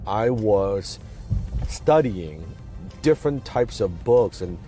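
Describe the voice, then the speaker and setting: Man with a deep, warm voice, speaking emphatically. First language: not English. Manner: emphatic, repeats key phrases, asks rhetorical questions. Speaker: motivational speaker. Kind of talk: motivational talk to camera.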